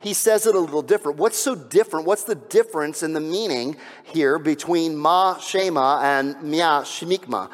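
A man preaching a sermon in a relaxed, conversational way, dropping to a hush on solemn lines and building loud at climaxes. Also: fairly high pitch, moderate pace, few pauses, big-room sound. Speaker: pastor.

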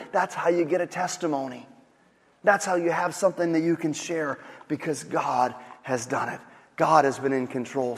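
Man, pastor, sermon, dynamic preaching, higher voice, hall echo. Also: breathy edge. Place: church sanctuary. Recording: long hall reverb.

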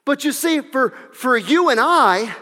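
A man preaching with a very high, bright and forceful voice that rings out in the long reverb of a large hall. He drives his sermon with animated, shouted peaks and quick whoops, then drops back to plain talk. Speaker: pastor.

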